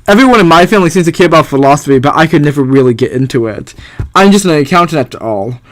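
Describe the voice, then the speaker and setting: A man voicing a weary middle-aged accountant in a video game, narrating in a flat, dry manner. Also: fairly high pitch, fast, close to an everyday voice.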